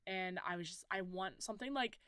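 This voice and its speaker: A woman's voice: medium pitch, fairly quick, a bit bright, smooth, dry recording. A woman in her twenties chatting casually as a podcast guest, telling a story and acting out quoted lines. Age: 20s. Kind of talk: casual chat. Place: podcast studio.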